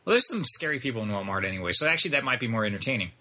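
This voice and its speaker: A man co-hosting a casual podcast about video games, animated and swearing freely as he laughs along. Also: medium pitch, rapid-fire. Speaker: podcast co-host.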